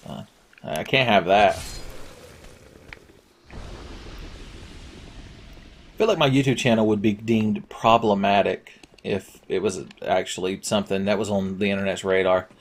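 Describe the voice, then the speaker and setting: A man giving casual, crude, joking commentary over a video game and yelling at it at times. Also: on the low side, steady tone, measured pace, long pauses. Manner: crude, jokey, yells at the game. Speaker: Let's Play commentator.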